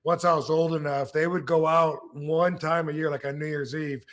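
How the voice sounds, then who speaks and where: A man in his fifties from Michigan tells a rambling story on a casual podcast. His voice sits a little high, and he repeats words as he goes and acts out quotes from his youth. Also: little pitch movement, normal speed. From Michigan, USA. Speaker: podcast host, former wrestler.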